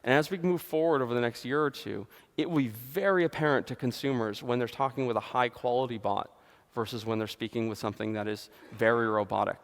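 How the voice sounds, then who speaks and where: A man's voice: mid-range voice, fast talker. A man giving a conference presentation on stage, speaking fluently with frequent fillers and restarts. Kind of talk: conference keynote talk. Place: large conference hall. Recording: long hall reverb.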